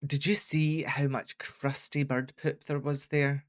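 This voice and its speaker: A man's voice: mid-range voice, level tone, unhurried. Chatty Scottish man reacting. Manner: chatty, laughs often, jokey asides. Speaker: reaction video host. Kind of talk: casual reaction commentary.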